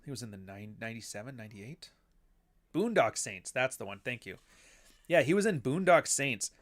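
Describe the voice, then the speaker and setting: A man's voice: medium pitch, sing-song, moderate pace. A man hosting a casual livestream, rambling between topics and reading the chat aloud. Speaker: livestream host.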